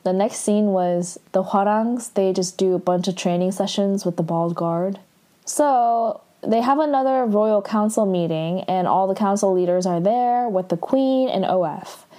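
A young woman with a mellow, soft-edged voice, chatting through a drama recap. She talks loosely, with lots of fillers, and quotes the characters' lines without putting on voices. Her pitch sits in a middle range. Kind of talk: casual recap.

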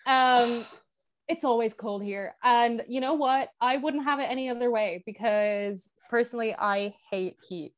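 A young woman from Ireland with an Irish accent softened toward American, co-hosting a casual chat podcast, blunt and dry with some swearing. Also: a little high, measured pace. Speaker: podcast co-host.

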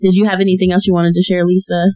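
A man's voice: sits high, completely flat delivery, very fast, darkish tone, no room sound, low-quality recording. A man hosting a faith-based podcast, affirming and effusive as he encourages listeners. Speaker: podcast host.

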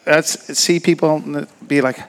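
A man's voice: a little high, fairly even intonation, moderate pace. A man from Africa, teasing and chatting as co-host. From South Africa. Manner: playful, teasing. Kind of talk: casual chat.

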